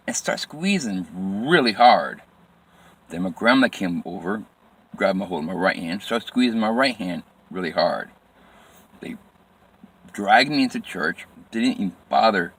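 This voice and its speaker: A man telling a personal story from his life in plain, halting phrases with frequent restarts and repetition. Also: sits low, a bit bright.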